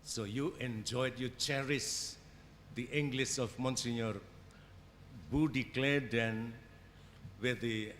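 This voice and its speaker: Slow, hesitant Indonesian man in a hall. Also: medium pitch, fairly even intonation, a bit bright, slight background noise. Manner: hesitant, many fillers and restarts. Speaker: conference keynote speaker. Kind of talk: academic lecture. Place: conference hall. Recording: hall reverb with faint ambience.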